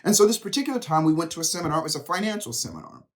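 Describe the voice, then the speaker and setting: A man's voice: a little high, rapid-fire. A middle-aged man giving a motivational talk straight to the camera, telling stories and acting out what people said. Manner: animated storytelling, acts out quotes. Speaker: motivational speaker.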